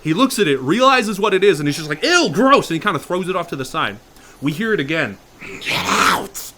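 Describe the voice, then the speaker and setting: A man improvising a horror story in a casual, profane way, dropping to a hush and then getting loud. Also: a little high, animated, fast. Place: virtual reality chat room.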